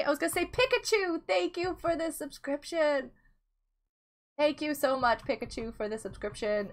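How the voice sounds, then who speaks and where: A woman's voice: on the high side, a bit bright. A woman live-streaming a game, chatting casually, giggling and greeting viewers by name. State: unwell.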